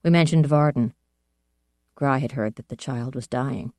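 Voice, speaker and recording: An audiobook narrator reading a first-person fantasy novel in a measured, even storytelling manner. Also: medium pitch, no echo.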